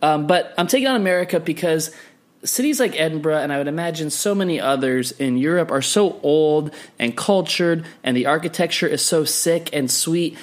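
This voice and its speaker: A man's voice: on the high side, moderate pace. A man in his thirties co-hosting a podcast, chatting casually with playful, opinionated energy. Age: 30s. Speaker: podcast co-host. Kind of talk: casual chat.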